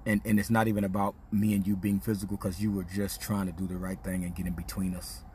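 A man's voice: on the low side, fairly quick, heavy background noise. A man hosting a podcast, telling a personal story in a casual, slang-heavy, confessional way. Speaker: podcast host. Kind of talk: candid storytelling monologue.

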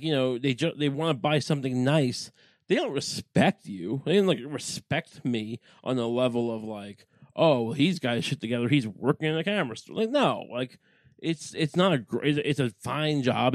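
A man talking casually into a dry, close mic, his pitch sitting mid-range for a man. He rambles and swears freely. He works himself up into exasperated rants as he goes. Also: no room sound. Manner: profane, rambling, gets worked up into ranting.

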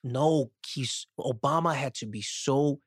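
A man from South Africa, a podcast guest, chatting casually and lively, often slipping into voices of the people he describes. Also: mid-range voice, takes it slowly, slightly rough, dry recording, clean studio sound. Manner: animated storyteller, slips into voices of people he describes.

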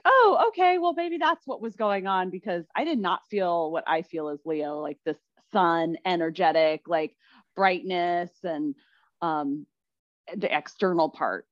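A woman's voice: low voice, animated, a little slow, dry recording. A woman co-hosting a podcast in casual chat, chatty and agreeable, often laughing. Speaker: podcast co-host. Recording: dry, slightly dull sound.

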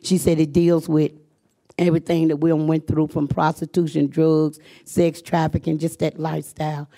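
A woman's voice: low voice, flat delivery, normal speed, mellow. A middle-aged woman, telling her own life story to a live audience in an earnest, emphatic way, repeating phrases for weight.

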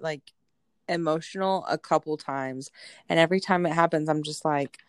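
A woman in her thirties with a low, deep voice, talking in a relaxed, chatty way. She acts out quotes as she goes, and the sound is dry and close. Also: moderate pace, clean tone, no room sound. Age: 30s. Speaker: podcast co-host. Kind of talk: casual chat.

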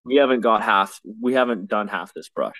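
Young guy, lowish voice, ranting and cursing, dry close mic. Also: normal speed, fairly bright tone, dry recording. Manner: exasperated, swears a lot, rambling with restarts. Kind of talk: casual storytelling chat.

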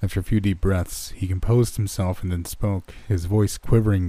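A man narrates a horror story in a measured, somber way. His voice sits very low, dark and husky, and the recording is dry and close. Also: fairly even intonation, no echo.

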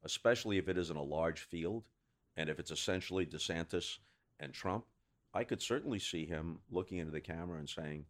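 A man with a somewhat low voice talks as a guest on an interview podcast. He builds long, carefully worded sentences and leans on key words with steady emphasis. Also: fairly quick. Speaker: guest, sports broadcaster.

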